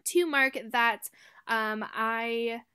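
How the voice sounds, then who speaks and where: A woman's voice: fairly high pitch, fairly even intonation, drawn-out words, sharp tone, clear, resonant tone. A woman in her twenties chatting casually as she narrates her planner, rambling with lots of fillers and laughing at herself. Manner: self-deprecating, laughs often. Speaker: planner vlogger.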